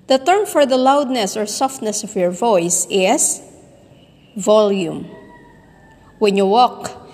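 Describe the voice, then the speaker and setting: A woman teaching voice techniques at a slow, careful pace, pausing on each term. Her pitch sits in the middle range. The recording carries a long, lingering reverb. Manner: slow, deliberate, demonstrating sounds and stress. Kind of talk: recorded voice lesson.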